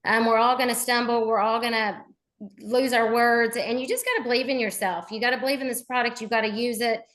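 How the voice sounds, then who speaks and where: A woman speaks over a video call line, sharing her own story. Her voice is a little high, and she talks earnestly and encouragingly in a casual way. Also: fairly even intonation, fairly quick, fairly bright tone. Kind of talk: casual motivational talk on a group call.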